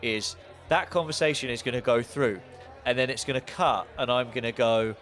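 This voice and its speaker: A man's voice: mid-range voice, normal speed, fairly bright tone. A young man from the south of England with a southern English accent, co-hosting a casual podcast chat and telling stories in a dry, teasing way. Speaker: podcast co-host.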